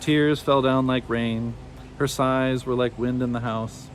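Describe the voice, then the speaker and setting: A man reads a children's storybook aloud with expressive, measured narration. His voice sits in a middle pitch, and a faint hum runs underneath.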